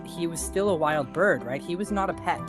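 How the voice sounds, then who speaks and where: A woman in a documentary interview looks back on a cherished friendship. Her voice is low and heartfelt. Music plays underneath her words. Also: lively intonation, moderate pace. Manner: heartfelt, reflective.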